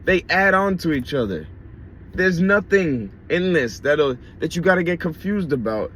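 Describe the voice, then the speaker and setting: A man's voice: a little high, animated, normal speed, a bit bright, a little hiss or hum. A man preaching a casual sermon in a blunt, conversational way, with swearing and slang.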